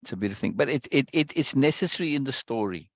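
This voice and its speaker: A man's voice: medium pitch, animated, quick pace, no echo. Man, discussion leader unpacking a text, restless restarts, checks in with "right?", dry and muffled sound. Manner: repeats words, asks "right?" often. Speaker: teacher leading a book discussion. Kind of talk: explaining a text aloud.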